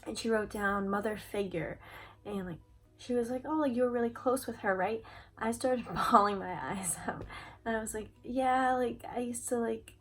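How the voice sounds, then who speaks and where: A woman's voice: mid-range voice, moderate pace, faint music behind, rough recording. A young adult woman chatting to camera, telling a personal story in a casual way, full of "like" fillers and replayed conversations. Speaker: vlogger.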